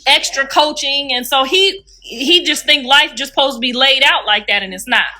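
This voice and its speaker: High, bright froggy-voiced woman. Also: moderate pace. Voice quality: froggy, Kermit-like voice. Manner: animated, chatty, laughs often, talks to viewers as y'all. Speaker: livestreamer and mother. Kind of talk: casual livestream chat.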